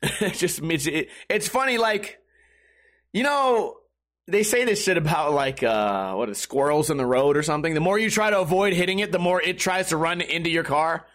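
A man's voice: a little high, lively intonation, normal speed, a bit bright. A man hosting a podcast, telling a story casually, swearing and laughing often. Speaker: podcast host.

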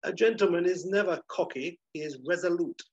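A man voicing a haughty upper-class English gentleman criminal, clipped and disdainful, with a husky voice. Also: on the high side, a little slow, highs cut off.

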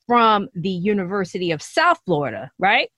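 A woman hosting a podcast interview in a lively, playful way, laughing often. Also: mid-range voice, moderate pace, no room sound. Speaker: podcast host.

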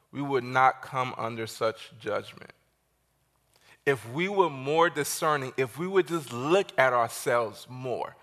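A man's voice: mid-range voice, sharp tone. A man preaching as a guest pastor, telling a story with animation and acting out the dialogue. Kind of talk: sermon.

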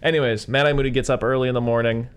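A man casually recapping a film plot, rambling and acting out lines in high silly voices. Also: fairly even intonation, rapid-fire, clean tone. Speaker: podcast co-host.

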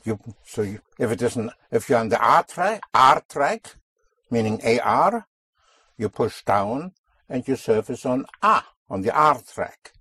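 Slow, husky male language teacher. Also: medium pitch, lively intonation, sharp tone, no echo. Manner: slow, deliberate, repeats key sounds. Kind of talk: spoken language lesson with a student.

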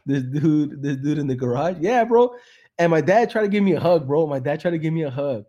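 Man, young adult, mellow warm tone, profane laid-back storytelling, mixes English and slang. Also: on the high side, lively intonation, a little fast, dull audio. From San Jose, California. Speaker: comedian and podcast host. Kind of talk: casual joke-telling on a live podcast.

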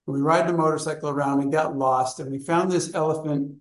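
Man, slightly high voice, casual group sharing, rambling, hesitant restarts, roomy echo. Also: fairly even intonation, a little fast. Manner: rambling, searching for words, with frequent restarts. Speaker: study group participant. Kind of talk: casual personal storytelling in group discussion.

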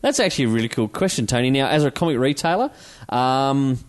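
A man's voice: mid-range voice, expressive, fast talker. An Australian man who hosts the show and runs a comic shop, talking in a casual, joking way. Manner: chatty, joking, laughs often. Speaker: podcast host and comic retailer. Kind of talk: casual chat.

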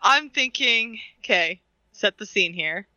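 A woman's voice: mid-range voice, animated, slow, sharp tone, no echo, lo-fi sound. A woman co-hosting a podcast, rambling with lots of fillers and giggles. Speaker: podcast co-host. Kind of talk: casual podcast chat.

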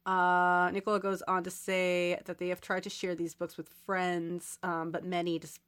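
A woman's voice: on the low side, monotone, moderate pace, a bit bright, clear, resonant tone. Giggly, chatty woman podcast host. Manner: giggly, chatty, self-deprecating asides. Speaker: podcast host reading listener mail. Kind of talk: casual group chat.

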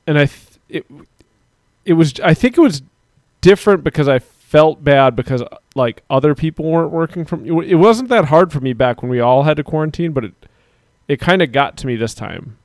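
A man's voice: fairly high pitch, lively intonation, fairly quick, dry recording. A man in his thirties co-hosting a casual streamed chat show, rambling with frequent laughs and casual swearing. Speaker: podcast co-host.

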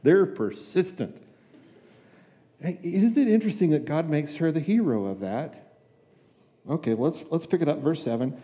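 A man's voice: a little high, expressive, normal speed, long pauses, mellow, big-room sound. An older man giving a conversational sermon as a guest preacher in a church, chatty and folksy, acting out little dialogues with asides. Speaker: guest preacher, district superintendent. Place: church sanctuary.

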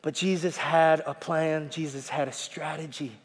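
A male pastor preaching a sermon, folksy, swinging from shouting to hushed tones and calling out to the congregation. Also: a little high, steady tone, normal speed. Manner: folksy, repeats calls to the congregation. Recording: long hall reverb.

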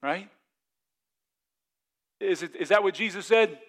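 A man, a pastor, preaching a sermon, reading scripture slowly and then pressing his point with rhetorical questions and repeated words. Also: high-pitched, a bit bright.

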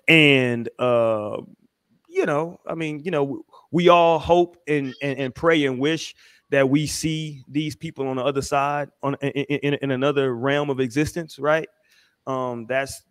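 A man's voice: mid-range voice, clear, resonant tone, dry recording, studio quality. A man from Houston hosting a podcast, talking in a laid-back, heartfelt way with lots of fillers. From Houston, Texas. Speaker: podcast host. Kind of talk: casual podcast chat.

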